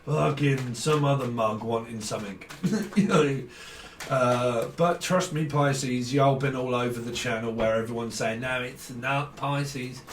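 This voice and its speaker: A man's voice: medium pitch, unhurried. A man giving a casual tarot reading, swearing, ranting and laughing often. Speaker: tarot reader. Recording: roomy, distant from mic, faint background noise.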